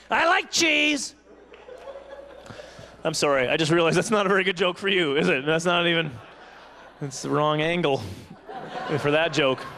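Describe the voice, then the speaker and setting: High lively guy doing stand-up at a banquet, gravelly edge, mocking himself. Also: brisk. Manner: animated, self-mocking, jumps into voices. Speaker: stand-up comedian. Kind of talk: stand-up comedy. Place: banquet hall stage. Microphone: handheld microphone.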